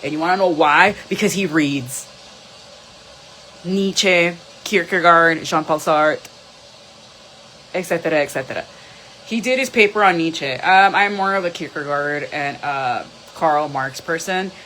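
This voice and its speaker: A woman's voice: low-pitched, unhurried, fairly bright tone, slight background noise, rough recording. A woman doing a live tarot reading, blunt and profane, switching between English and Spanish. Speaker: tarot reader.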